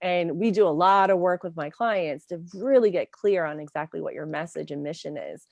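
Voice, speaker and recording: A woman career coach talking with a fairly low voice, animated and full of "like" and "um" fillers. The sound is close and dry, with no room echo. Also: moderate pace, vocal fry, lo-fi sound. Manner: animated storyteller, many fillers like "like" and "um". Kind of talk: casual interview chat.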